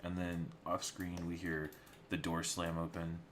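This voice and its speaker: A man's voice: deep voice, level tone, unhurried, fairly bright tone, a little hiss or hum. A man casually talking through story beats of a storyboard on a livestream, rambling with many fillers. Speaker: storyboard artist.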